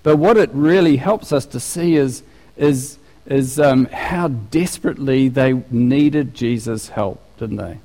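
A man preaching a sermon in an animated, conversational way, often restarting his sentences. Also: mid-range voice, a little slow. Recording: long reverb of a large hall.

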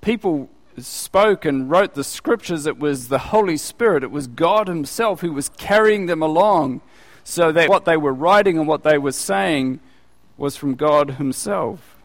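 A man's voice: fairly high pitch, animated, unhurried. Man preaching in a reverberant hall. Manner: asks the listeners questions. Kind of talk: conversational Bible teaching.

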